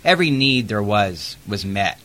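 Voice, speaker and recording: A man's voice: on the low side, very animated, normal speed, bright, forceful tone. A man who works as an investigator, telling a work story in a chatty interview with plenty of fillers. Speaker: protective services investigator.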